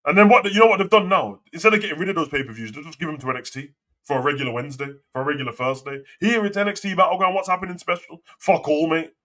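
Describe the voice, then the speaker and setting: Ranting man, bright sharp voice. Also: fairly high pitch, racing. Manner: swearing, ranting, slangy. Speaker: wrestling show host. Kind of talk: casual live commentary and rant.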